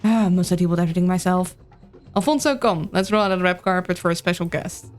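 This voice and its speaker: A woman's voice: lowish voice, quick pace, faint music behind, close to an everyday voice. Woman reading a bossy villain lord. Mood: commanding. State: hoarse.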